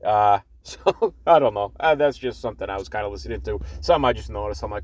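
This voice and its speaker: A man's voice: lowish voice, animated, quick pace, no room sound. A man with a thick Boston accent hosting a solo podcast off the cuff from his parked car, rambling with lots of fillers and blunt swearing, recorded on an earbud mic. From Boston, Massachusetts. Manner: rambling, many fillers and restarts, blunt and profane. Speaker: podcast host.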